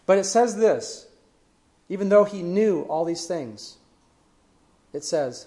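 A man preaching a sermon, retelling scripture stories earnestly and letting his voice fall to a hush at the ends of phrases. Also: high voice, expressive, normal speed.

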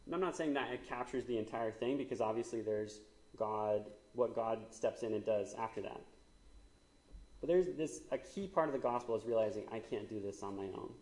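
A man's voice: on the low side, moderate pace, a little mellow, roomy sound. A man, likely in his thirties, giving a conversational sermon with frequent fillers and asides, as the church's pastor.

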